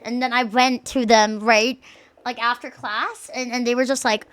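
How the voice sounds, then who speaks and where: A young adult woman streaming and chatting casually, loud, crude and joking, swearing often. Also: a little high, steady tone, normal speed, smooth.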